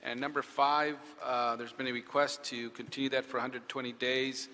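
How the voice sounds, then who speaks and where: A man chairing a public council committee hearing, briskly moving through items and calling speakers' names at a desk microphone. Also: medium pitch, level tone, sharp tone. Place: council chamber. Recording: echoey hall.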